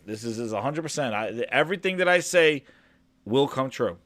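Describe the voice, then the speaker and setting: A man hosting a casual gaming podcast, talking with mock-dramatic, sarcastic hype, stammering and trailing off quietly. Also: medium pitch, animated, a little fast, no room sound. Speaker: podcast host.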